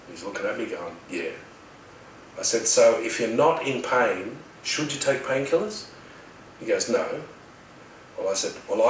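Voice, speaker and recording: A man's voice: low voice, recorded from a distance, a little hiss or hum. Australian man telling a story, roomy sound. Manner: rambling, animated retelling with quoted dialogue. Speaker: healer telling his story. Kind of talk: casual storytelling.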